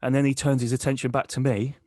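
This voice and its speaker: A man's voice: medium pitch, flat delivery, fast talker, dark tone, no room sound. Dry-voiced man spinning a crude tall tale. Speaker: podcast co-host. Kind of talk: comic storytelling.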